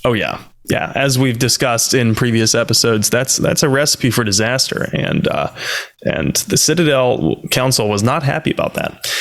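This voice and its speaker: A man with a mid-range voice walks through game lore on a podcast. He talks casually and steadily, listing facts one after another. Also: mid-range voice. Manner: explanatory, steady, runs through lists of facts. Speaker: podcast host.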